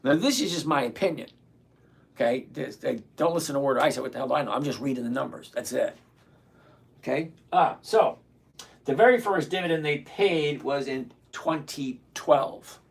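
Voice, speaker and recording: A man's voice: mid-range voice, moderate pace, vocal fry, slightly rough. A man in his sixties hosting a casual live stream, blunt and ranting, greeting viewers by name. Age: 60s. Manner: blunt, ranting, self-mocking.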